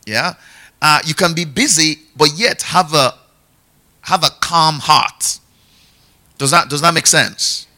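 A man's voice: fairly high pitch, slow pace, pauses often, bright, forceful tone. A middle-aged man preaching a sermon in a conversational teaching style, repeating key phrases and checking in with his listeners. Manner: conversational, checks in often with "yeah?" and "okay?".

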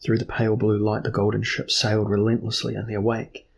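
Gravelly low-voiced male narrator. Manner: measured, even storytelling. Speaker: audiobook narrator. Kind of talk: scripted fantasy narration.

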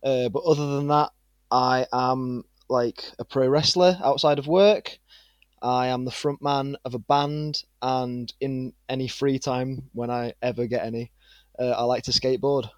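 A man in his twenties with a northern English accent, a guest chatting in a relaxed, rambling way with plenty of fillers. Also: mid-range voice, measured pace, dry recording, highs cut off. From England. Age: 20s. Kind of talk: casual interview chat.

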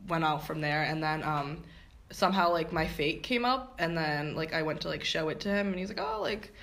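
A woman's voice: low-pitched, fairly quick, a bit bright. A young woman co-hosting a podcast, telling a travel story in casual chat with lots of fillers and laughs. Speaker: podcast co-host.

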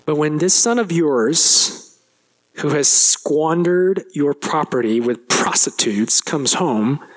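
Male pastor preaching, high voice, slow and drawn out, gets loud and pitchy acting out the complaint. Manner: animated, acts out the older brother's complaint with rising pitch; addresses the congregation directly, asks questions. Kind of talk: sermon.

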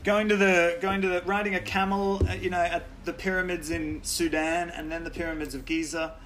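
An Australian man, a podcast guest, telling lively stories in casual chat, swearing freely and laughing often. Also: high voice, a little fast, slight background noise.

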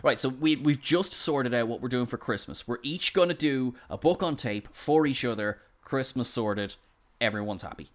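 A man's voice: mid-range voice, moderate pace. A man with an Irish accent hosting a podcast, talking in an effusive, enthusiastic way. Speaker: podcast host. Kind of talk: casual podcast chat.

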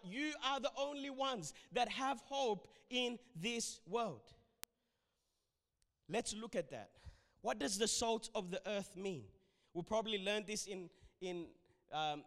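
Aussie guy preaching, pretty high voice, pushing hard on his points, big echoey church. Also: measured pace, a bit bright. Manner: emphatic, urging the congregation. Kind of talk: sermon. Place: church hall.

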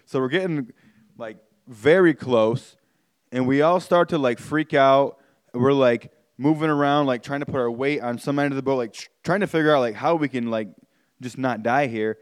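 Man, podcast host, mid pitch, clean and resonant voice, laid-back rambling story, lots of swearing and filler words. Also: normal speed, clean tone. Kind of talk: casual storytelling.

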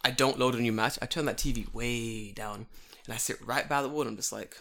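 A young man telling a long story in a casual chat, animated and full of swearing. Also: medium pitch, a little fast.

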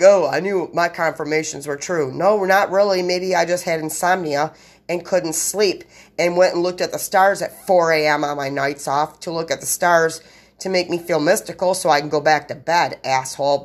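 Blunt, profane woman on a solo podcast. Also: fairly low pitch. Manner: profane, blunt, talks straight to listeners; fast run-on sentences. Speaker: podcast host. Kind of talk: rambling solo podcast monologue.

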